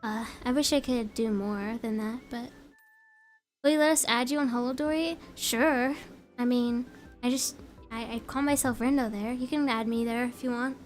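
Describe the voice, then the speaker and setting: A woman's voice: fairly high pitch, normal speed, soft background music. A young woman streamer chatting casually and reading out her chat, giggly and rambling.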